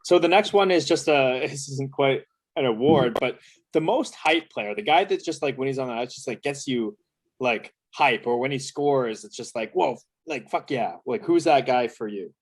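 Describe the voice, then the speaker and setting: A young man co-hosting a podcast who keeps the casual hockey chat moving with relaxed questions and easy laughs. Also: medium pitch, normal speed. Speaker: podcast co-host.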